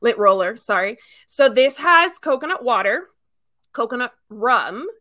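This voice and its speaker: A woman hosting a podcast in casual chat, talking in an animated way with lots of fillers. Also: fairly high pitch, unhurried. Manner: chatty, animated storyteller with many fillers. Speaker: podcast host. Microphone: video call.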